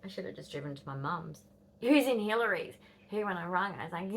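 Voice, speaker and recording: Animated Australian woman in her fifties. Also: fairly low pitch, a little fast, vocal fry, a little hiss or hum. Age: 50s. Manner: rambling, blunt, swears, drops into whispers. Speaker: vlogger. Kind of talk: casual storytelling to camera.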